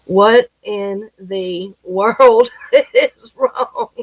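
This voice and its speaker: Slow-talking woman, folksy and laughing. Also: mid-range voice, lively intonation, dry recording, muffled recording. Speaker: livestream host. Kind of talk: casual chat reading news headlines. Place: rural home.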